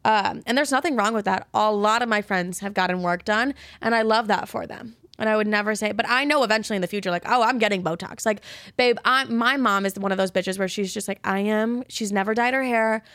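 A woman's voice: mid-range voice, brisk, a bit bright, no room sound, clean studio sound. Candid, profane young woman podcaster. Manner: candid, profane, chatty, self-deprecating. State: slightly out of breath. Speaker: podcast host. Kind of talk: casual solo podcast chat.

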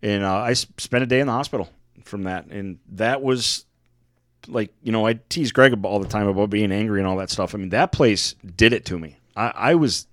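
A man with a fairly low voice tells a rambling, profane story in casual podcast chat. The recording is dry and close. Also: fairly quick, a bit bright, dry recording. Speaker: podcast co-host.

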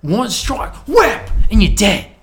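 A man putting on a loud Australian wildlife showman. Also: high-pitched, wildly swooping pitch, slow, a little hiss or hum, voice pushed up, exaggerated voice. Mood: excited. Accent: Australian (put on). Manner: loud, exclamatory, dramatic. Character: excitable male wildlife showman with Australian accent. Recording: roomy echo.

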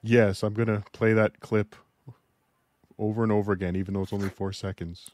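Man from minnesota, low voice, wry laid-back podcast chat, dry sound. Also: level tone, brisk, a little mellow, no room sound. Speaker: podcast co-host. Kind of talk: casual chat.

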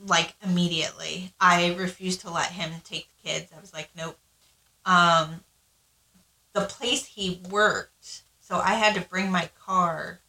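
A woman's voice: lowish voice, fairly even intonation, a little slow, bright, forceful tone, roomy sound, rough recording. A woman co-hosting a podcast, telling her story in casual, frank chat, swearing freely and acting out what people said. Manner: frank, swears freely, acts out quoted lines. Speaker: podcast co-host.

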